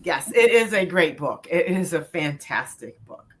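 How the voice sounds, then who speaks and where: A woman hosting a conversation with a bright, lively voice that rises and falls widely. She speaks slowly, encourages her guest and asks open questions. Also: deep voice. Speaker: interview host. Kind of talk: casual interview talk.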